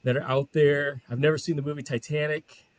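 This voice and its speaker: A man in his forties, a podcast guest, talking casually with many pauses and self-deprecating hedges. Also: a little high, level tone, no room sound. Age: 40s. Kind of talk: casual interview chat.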